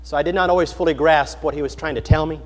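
A male preacher delivering a sermon with a high-pitched voice. He speaks earnestly, asks the congregation questions and repeats phrases for emphasis. His voice carries with a long reverb in a large hall. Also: fairly even intonation, fast talker. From United States.

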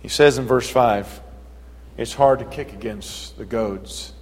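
A man preaching a sermon in an earnest manner that rises to forceful emphasis. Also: mid-range voice, takes it slowly, big-room sound, low-quality recording.

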